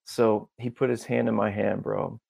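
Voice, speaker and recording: A man as a podcast guest, telling a story in a casual, animated way and acting out the dialogue. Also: fairly low pitch, normal speed, creaky, breathy edge. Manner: animated, acts out dialogue, peppers talk with "bro" and "dude".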